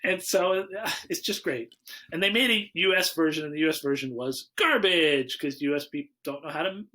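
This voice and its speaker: A man's voice: a little high, normal speed. A man hosting a casual movie podcast, telling stories and acting out quotes in exaggerated voices. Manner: animated storyteller, acts out quotes in exaggerated voices. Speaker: podcast host.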